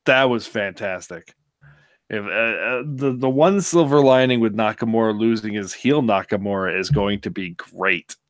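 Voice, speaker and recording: A man's voice: lowish voice, moderate pace. A man co-hosting a podcast in casual chat, laid-back and wry, hesitating with many ums. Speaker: podcast co-host.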